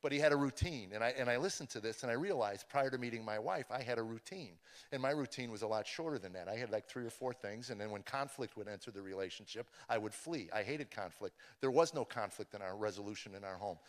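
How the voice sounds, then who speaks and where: A middle-aged man, a comedian, telling his life testimony, swinging from hushed confession to loud, animated storytelling. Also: mid-range voice, fast talker. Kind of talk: personal testimony speech. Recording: long hall reverb.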